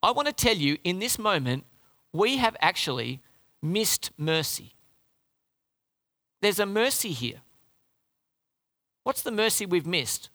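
A man preaching a sermon in an animated, conversational way, often restarting his phrases. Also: sits high, takes it slowly, long pauses.

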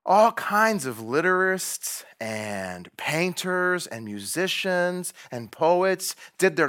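A man preaching a sermon, acting out the quoted lines and swinging between loud and hushed delivery. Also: mid-range voice. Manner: dramatic, acts out quotes, varies loudness widely. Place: room with a painting behind him.

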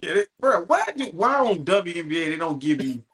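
A man co-hosting a casual podcast, teasing his friends and breaking into loud laughs. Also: on the high side, very animated, a little fast, husky. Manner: teasing, exclaims and laughs loudly. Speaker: podcast co-host. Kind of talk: casual chat. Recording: crowd of voices behind.

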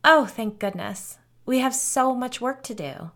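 A woman's voice: on the high side, animated, measured pace, a bit bright, pitched above the performer's own voice. A woman voicing a cheerful, murderous woman camp counselor who speaks in a sweet, sing-song voice with a sinister edge. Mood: sweetly menacing.

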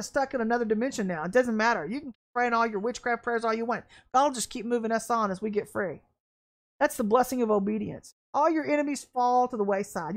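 A woman with a high voice preaching an online sermon. She speaks fervently and bluntly, with a folksy, emphatic delivery and bursts of excitement. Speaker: ministry leader and preacher.

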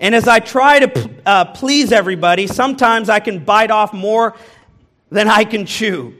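A man's voice: high voice, moderate pace, fairly bright tone. A man from the American Midwest, a pastor giving a candid sermon, telling personal stories and speaking straight to his congregation with self-deprecating humor.

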